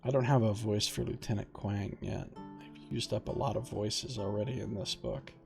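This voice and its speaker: A man's voice: lowish voice, steady tone, moderate pace, gravelly, music in the background. A man casually chatting and reading a fantasy gamebook aloud on a stream, joking and singing silly ditties. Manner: jokey, goofs around and sings silly ditties. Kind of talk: casual let's-play chat and read-aloud narration.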